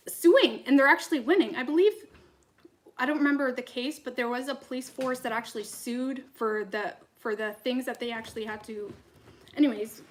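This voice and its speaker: Lady tarot reader going off on a sweary rambling rant, kinda high pitched. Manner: heated, profane, rambling rant. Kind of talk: ranting to camera between tarot readings.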